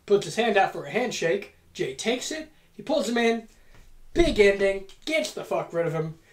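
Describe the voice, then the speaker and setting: A woman's voice: medium pitch, very animated, moderate pace. A woman telling a playful, profane story in a casual monologue as a podcast host. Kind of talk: casual fantasy-booking monologue. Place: home room. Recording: echoey home room.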